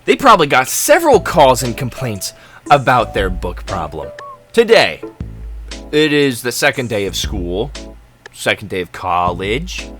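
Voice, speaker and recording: A man's voice: medium pitch, wildly swooping pitch, a little slow, fairly bright tone, soft background music. A young man telling a story in an exasperated, dramatic and sarcastic rant. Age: young adult. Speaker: college student vlogger. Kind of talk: ranting storytelling vlog.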